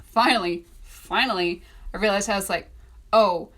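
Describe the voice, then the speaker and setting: A young adult woman casually telling a personal story, acting out what people said with sudden high pitch jumps. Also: moderate pace. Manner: animated, acts out quotes with sudden pitch jumps. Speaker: self-published author.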